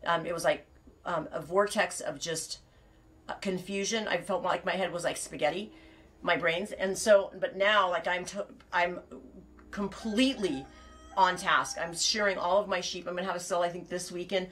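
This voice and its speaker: Rambling, chatty woman with a lowish voice. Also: steady tone, moderate pace, fairly bright tone. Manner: rambling, self-interrupting, laughs often, swears casually. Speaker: knitting show host and sheep farmer. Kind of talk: casual live-stream chat. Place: at home on her farm.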